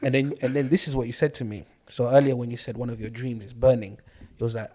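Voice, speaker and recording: A man in casual conversation, retelling a dramatic story in an animated way. He quotes other people's words as he goes and breaks into laughter often. His voice sits at an ordinary middle pitch for a man. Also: quick pace.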